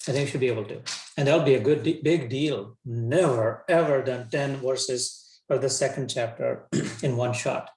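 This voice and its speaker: A man's voice: mid-range voice, normal speed, a little mellow. Man giving a casual scripture lecture. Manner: casual, colloquial, frequent restarts. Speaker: scripture teacher. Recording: roomy echo.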